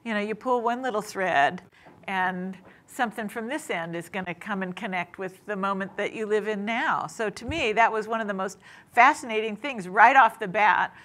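Bright-voiced chatty woman storyteller. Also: mid-range voice. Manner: chatty, laughing, many fillers and asides. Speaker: guest author. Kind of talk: casual storytelling talk. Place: senior center event room.

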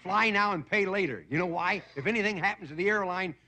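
A man's voice: sits high, fast, sharp tone. A man in his fifties from Indiana, hosting a comedy show with a stand-up monologue and chuckling at his own jokes. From Indiana, USA. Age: 50s. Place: TV studio stage before a live audience. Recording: 1960s TV broadcast with hiss and studio audience laughter.

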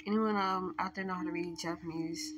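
A young woman vlogger reacting to a horror VR video, jittery and slangy, with nervous laughs, swinging from hushed talk to yelling. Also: on the low side, steady tone, a little fast, noisy background.

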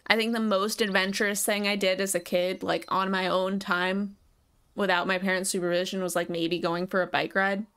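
A woman's voice: mid-range voice, flat delivery, normal speed, a bit bright, clean tone. A woman streamer chatting casually and reflectively to her viewers during a live gameplay session. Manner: chatty, laid-back, reflective.

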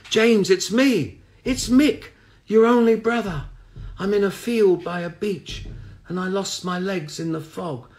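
A man voicing a high, reedy ghost of a lost brother. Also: unhurried, darkish tone. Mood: forlorn. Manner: high, thin, faraway and tremulous.

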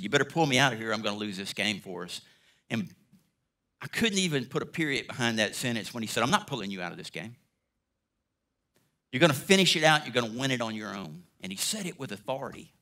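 A middle-aged man, a guest speaker telling a story in a sermon, acting out the dialogue. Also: medium pitch. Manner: animated storyteller, acts out dialogue.

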